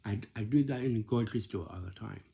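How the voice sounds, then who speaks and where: A man's voice: on the low side, fast talker, gravelly, warm tone, husky. A man giving casual workplace advice in a repetitive, scolding way, often checking with "right?". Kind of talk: casual instructive monologue.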